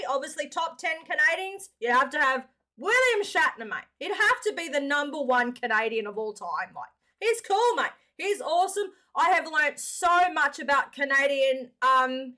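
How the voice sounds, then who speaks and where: Bright, high-voiced Australian woman. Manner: chatty, addresses viewers as mates. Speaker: reaction video host. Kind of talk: casual reaction commentary.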